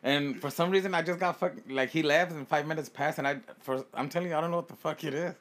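A man's voice: a little high, fairly even intonation, fast talker, a bit bright. A man co-hosting a podcast, telling a story in a casual, profane way, laughing often and acting out what people said. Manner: profane, laughing storyteller who acts out quotes. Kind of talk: casual chat.

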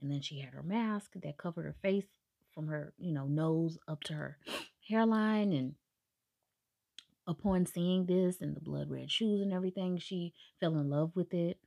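A woman with a low voice gives a casual, chatty recap of a book. She drops sarcastic asides and briefly acts out what the characters say. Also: moderate pace, vocal fry, mellow. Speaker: book reviewer.

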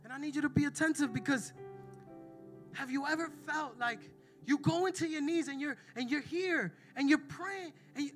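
Brief: male preacher, very high bright voice, emphatic sermon delivery, faint music underneath. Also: normal speed. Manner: emphatic, calls out to the congregation.

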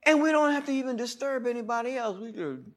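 A male pastor preaching a sermon, moving between loud shouts and quiet asides, leading the congregation in call-and-response and telling stories with laughter. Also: extremely high pitch, fast, slight background noise. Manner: animated preaching, swings from loud shouts to murmurs.

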